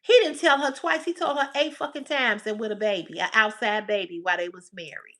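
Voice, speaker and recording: A woman's voice: medium pitch, fairly quick, fairly bright tone. A woman hosting a livestream, talking back to her chat in casual, blunt, profane commentary. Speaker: livestream host.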